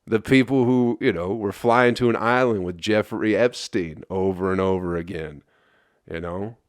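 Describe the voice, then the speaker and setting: Hungover man ranting, low dry voice. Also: normal speed, no echo. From Flint, Michigan. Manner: profane, exasperated ranting. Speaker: comedian podcast host. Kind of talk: solo rambling podcast rant.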